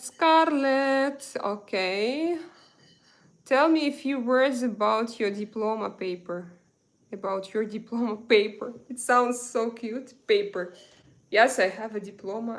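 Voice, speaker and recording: A woman from Russia with a Russian accent, hosting a casual live chat, slow and hesitant with many fillers. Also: mid-range voice. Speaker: live stream host. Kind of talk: casual live chat reading viewer comments.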